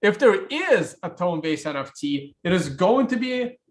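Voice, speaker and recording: A man's voice: sits high, very animated, normal speed. Guy from russia doing a live stream chat, wry and offhand, restarts his sentences a lot. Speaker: livestream host. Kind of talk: casual livestream chat answering viewers.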